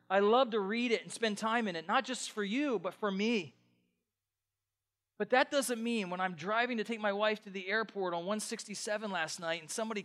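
A pastor preaching a conversational sermon, dropping to quiet asides and building to excited, loud passages. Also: male voice, high-pitched.

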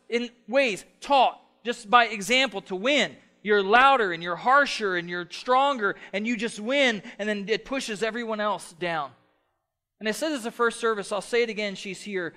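Here a middle-aged man gives a sermon as pastor at a normal speed, his voice sitting high. His passion comes through as he alternates loud, emphatic stretches with hushed moments.

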